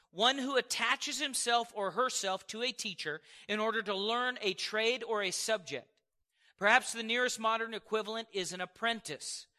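A man in his forties delivers a sermon to a church congregation. His voice sits high and rings very bright and sharp. He tells stories with lively swings and quick acted-out quotes. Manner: animated, storytelling with acted-out quotes and chuckles. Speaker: preacher. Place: church service before a congregation.

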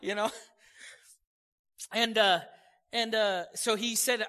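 A man's voice: sits high, slow pace, pauses often. A male pastor preaching a sermon, telling stories with energy and calling out "amen" to his congregation. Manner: storytelling, animated, calls "amen" to congregation. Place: church sanctuary.

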